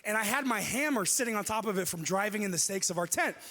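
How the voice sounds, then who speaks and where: A man preaching a sermon, telling a personal story with lively delivery and acting out what people said. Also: high-pitched, fast. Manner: animated, acts out quoted speech. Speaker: pastor. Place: church auditorium. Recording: long hall reverb.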